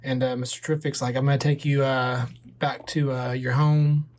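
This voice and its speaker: A man's voice: mid-range voice, little pitch movement, normal speed, darkish tone. A man in his forties casually retelling a movie plot as a toy collector vlogger, rambling loosely with lots of fillers. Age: 40s.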